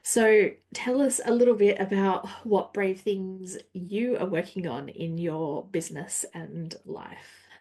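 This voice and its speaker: A woman's voice: medium pitch, slow, hardly any pauses, warm tone. A woman hosting a podcast interview, effusive and rambling, with many fillers as she asks questions. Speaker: podcast host.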